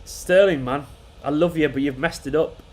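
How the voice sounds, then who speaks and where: A man's voice: on the high side, normal speed. A man hosting a football fan channel, reacting live to a match in an exasperated, swearing rant that keeps repeating itself.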